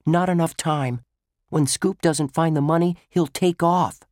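A man's voice: on the high side, steady tone, measured pace, darkish tone, no echo, clean studio sound, pitched above the performer's own voice, close to an everyday voice. A man doing a know-it-all young boy. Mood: eager. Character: quick-witted young boy detective.

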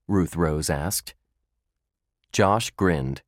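A man narrating a children's chapter book in a measured, expressive storytelling manner. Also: low voice, no room sound, studio quality. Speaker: audiobook narrator.

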